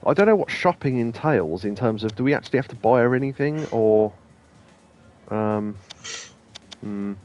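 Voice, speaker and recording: A man's voice: mid-range voice, animated, normal speed, pauses often, a little mellow, highs cut off. A man hosting a let's play, talking casually and rambling with plenty of ums and asides. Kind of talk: casual gameplay commentary.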